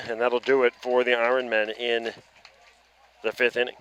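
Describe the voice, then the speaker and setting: A man's voice: medium pitch, level tone, normal speed, a bit bright, clear, resonant tone. A man with an Atlantic Canadian accent calling a baseball game live, chatty and self-deprecating between plays. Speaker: play-by-play commentator. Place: outdoor ballpark broadcast booth.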